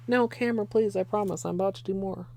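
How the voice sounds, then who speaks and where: Her voice is medium-pitched, gravelly and warm. This young woman gives herself a manicure during a casual livestream, cursing freely, laughing often and thanking the people watching.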